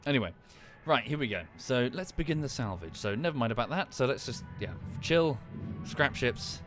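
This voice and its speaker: A man's voice: medium pitch, lively intonation, normal speed. Sweary, rambling British male streamer. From United Kingdom. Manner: rambling, sweary, self-interrupting. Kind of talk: casual gameplay commentary and chat. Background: music.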